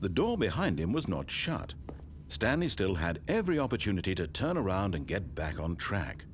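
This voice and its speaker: A deep, composed game narrator, telling of doom with measured calm. His delivery sweeps widely up and down. A faint hiss sits under the game audio. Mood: ominous calm. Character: calm dry male storybook narrator of a game. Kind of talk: scripted narration.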